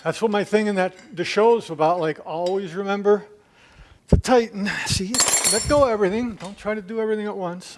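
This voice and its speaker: High-voiced man tinkering, chatting to himself. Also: brisk, background noise. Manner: chatty, talks to himself while working. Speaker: DIY video maker. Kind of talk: hands-on repair demonstration. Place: home gym.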